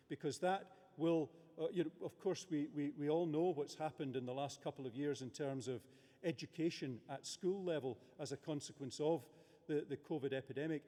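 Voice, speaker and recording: A middle-aged man gives a formal graduation-ceremony speech in a somewhat high voice, measured and hesitant, stumbling over filler words. The sound carries the long reverb of a large abbey hall. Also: dark tone. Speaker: university official presiding at a graduation ceremony.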